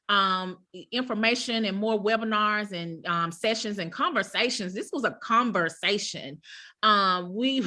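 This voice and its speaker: A woman's voice: a little high, pushed and bright. A woman hosting a live stream, talking effusively and closing with preacherly blessings over a video call. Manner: effusive, preacherly, says y'all. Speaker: host.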